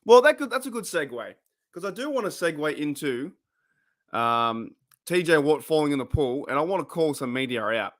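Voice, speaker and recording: Speaking into a webcam, the young Australian host of a casual fan podcast keeps things chatty and slangy, laughing at himself along the way. His voice is a little high and sing-song, fairly bright, delivered at normal speed.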